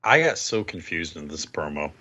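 A man's voice: low-pitched, big pitch swings, moderate pace, bright, forceful tone, a little hiss or hum. A man co-hosting a casual wrestling podcast, with short agreeing remarks. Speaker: podcast co-host. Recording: muffled lo-fi audio.

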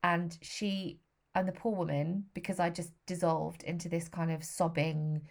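A woman's voice: fairly low pitch, level tone, measured pace, vocal fry. A woman in her thirties telling a personal story in a frank, emotional way, with the odd swear word. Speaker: vlogger.

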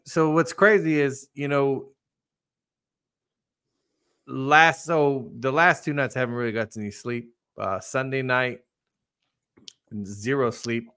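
A man's voice: mid-range voice, slow pace, pauses often, pushed and bright, clear, resonant tone. A man hosting a podcast, talking earnestly and personally in casual faith talk. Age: adult with children. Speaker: podcast host.

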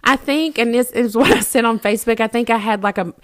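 A woman's voice: on the high side, fast. A woman co-hosting a podcast, telling a story in casual chat with frequent laughter. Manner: animated storyteller, laughs often. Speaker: podcast co-host. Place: rural home.

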